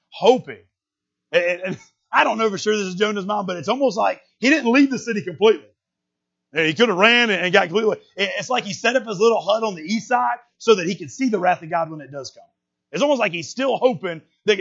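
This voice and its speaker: Husky-voiced man preaching with big swings. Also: on the high side, muffled recording. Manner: animated, conversational preaching with sudden loud jumps and quiet drops. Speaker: pastor. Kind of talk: sermon.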